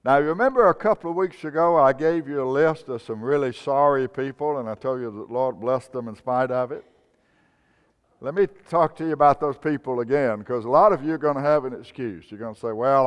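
A man preaches in a sermon style, lifting each name sharply before letting the line fall low and slow. His voice is smooth and resonant. It rings out with a long reverb, as in a church sanctuary. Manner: preaching with emphatic rises on names, then dropping low and slow.

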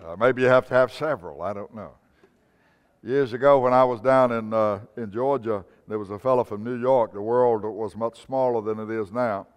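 A man preaching a sermon, stressing each name with a rise and then dropping to a low, slow finish. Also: clean tone. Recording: long hall reverb.

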